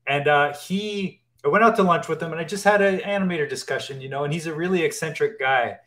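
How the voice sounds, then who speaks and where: A man speaking a little above the usual male pitch, guesting in a relaxed interview. He talks with open enthusiasm, stumbling over repeats and restarts as the ideas tumble out. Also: fast talker. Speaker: animation guest. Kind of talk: casual interview talk.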